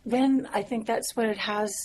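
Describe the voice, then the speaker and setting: A woman's voice: on the high side, fairly even intonation, normal speed. Woman songwriter talking easy and thoughtful, lots of ums and little laughs, faint room hum behind. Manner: warm, reflective, frequent fillers and soft laughs. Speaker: songwriter and musician guest. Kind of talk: casual interview conversation.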